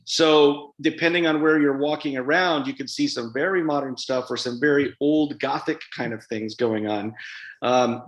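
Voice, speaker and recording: A man, an author guest at a live event interview, talking in a chatty, rambling way with many fillers and restarts. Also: mid-range voice. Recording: roomy hall sound.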